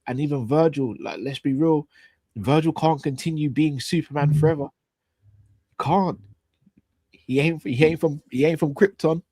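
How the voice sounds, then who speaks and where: A man co-hosting a football fan show in casual chat, animated and repeating himself, using slang. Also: on the high side, moderate pace, long pauses, slightly rough, no room sound. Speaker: co-host of a fan talk show.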